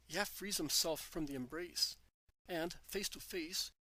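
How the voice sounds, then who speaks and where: A man narrating a devotional text in an earnest, measured manner. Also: fairly high pitch, sharp tone, dry recording. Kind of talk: scripted devotional reading.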